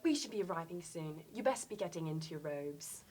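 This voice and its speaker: A woman's voice: low voice, lively intonation, fairly quick, darkish tone, pitched below the performer's own voice. A woman putting on the voice of a prim, bossy British schoolgirl with a clipped, scolding, proper way of speaking.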